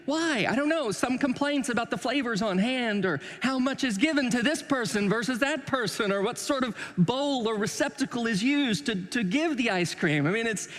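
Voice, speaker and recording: A pastor preaching in a loose, joking way, with high pitch for a man. His voice carries a long reverb from a church sanctuary. He slips in wry asides about himself. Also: fairly bright tone. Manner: conversational and joking, with self-deprecating asides. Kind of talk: sermon.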